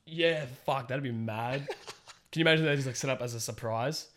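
A young Australian man co-hosting a podcast, brash and swearing freely as he tells animated stories. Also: medium pitch, brisk. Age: young adult. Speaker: podcast co-host. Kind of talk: casual banter.

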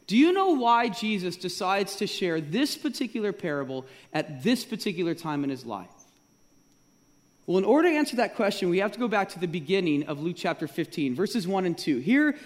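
Guy preaching a sermon, high voice swinging all over, lots of rhetorical questions, big echoey church. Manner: rhetorical questions, emphatic repetition. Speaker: pastor. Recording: long reverb of a large hall.

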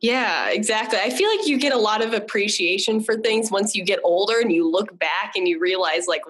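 A woman's voice: medium pitch, a bit bright, low-quality recording. A young woman guesting on a podcast, agreeing often and chatting casually. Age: young adult. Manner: agreeable listener, quick affirmations. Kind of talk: casual chat.

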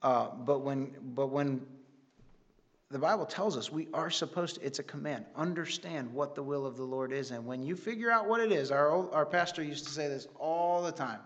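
A man's voice: fairly high pitch, moderate pace, lo-fi sound. A man giving an earnest, rambling church testimony with many restarts. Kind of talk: sermon testimony.

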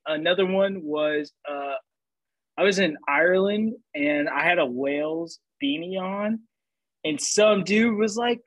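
A man's voice: high-pitched, no room sound, rough recording. A young man casually telling funny travel stories, swearing freely and laughing as he goes. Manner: animated, profane, laughing storyteller. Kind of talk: casual storytelling chat.

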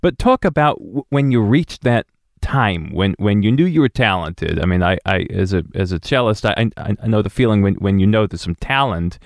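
Dry-voiced male host, low and chatty. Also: lively intonation, moderate pace, gravelly, dry recording. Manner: conversational, stammering restarts, frequent laughs. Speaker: interviewer host, cellist. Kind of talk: casual interview. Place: rural home.

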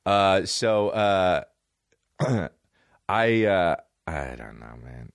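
Deep-voiced man riffing on a podcast. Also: animated, unhurried, no echo, studio quality. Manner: profane, riffing, jumps between bits and impressions. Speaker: comedy podcast host. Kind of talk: rambling comedic monologue.

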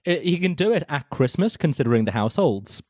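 A man's voice: fairly high pitch, very animated, fast, a little mellow, dry recording, clean studio sound. A man hosting a casual chat, wry and drily funny. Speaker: podcast host.

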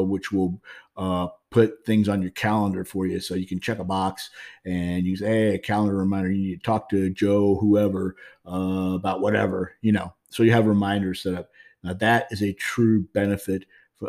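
A man's voice: deep voice, a little mellow. A man hosting a podcast from his home, talking in a frank, rambling way with many fillers and restarts. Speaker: podcast host. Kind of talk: casual monologue.

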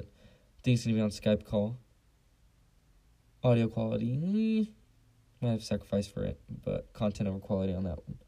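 A man's voice: on the low side, creaky, dark tone, low-quality recording. A young man hosting a casual solo podcast, blunt and profane, rambling with lots of fillers on a basic home mic. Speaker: podcast host.

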